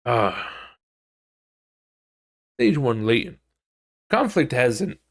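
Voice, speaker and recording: Lively, swearing man on a solo podcast. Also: mid-range voice, extremely slow, dry recording, clean studio sound. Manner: swears freely, thinks aloud while reading; acts out quoted people in exaggerated voices. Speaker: podcast host. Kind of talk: casual solo podcast chat.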